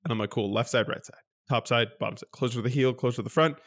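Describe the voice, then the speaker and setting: A man co-hosting a podcast, telling a story in casual chat and jumping up in pitch when he acts out his exasperation. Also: rapid-fire. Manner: animated storyteller, jumps high when mimicking exasperation. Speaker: podcast co-host.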